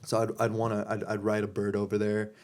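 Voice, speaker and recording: A man's voice: on the low side, completely flat delivery, fast talker, a crowd in the background. A man hosting a podcast, telling a story in a casual, rambling way with lots of fillers and restarts. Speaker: podcast host.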